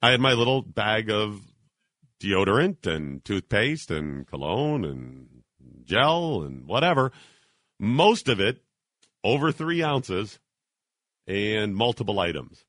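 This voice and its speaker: A male talk radio host in the middle of a monologue, his pitch rising and falling a lot as he goes. His voice is bright and forceful. It is recorded dry and close on a studio mic, and he talks indignantly and acts out the people in his story. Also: slow, long pauses, no room sound. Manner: animated, indignant storytelling with acted quotes.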